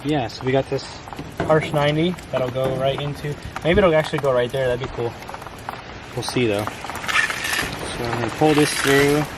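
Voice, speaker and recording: A man's voice: mid-range voice, steady tone, moderate pace, long pauses. A man explaining building steps in a matter-of-fact way, outdoors at a barn in the rain. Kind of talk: casual explaining. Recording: outdoor audio with background noise.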